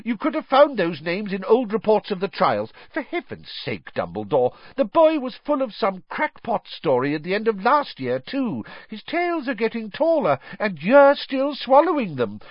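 Guy putting on a high, huffy pompous wizard minister, blustering and shouting, dull dry audio. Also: wildly swooping pitch, normal speed, hardly any pauses, no room sound, exaggerated voice. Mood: indignant. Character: stubborn angry middle-aged male minister wizard.

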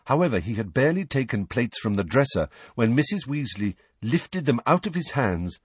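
A man's voice: medium pitch, big pitch swings, normal speed, few pauses, husky, dry recording. A man reading a novel aloud as an audiobook narrator, telling the story expressively. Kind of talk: scripted narration.

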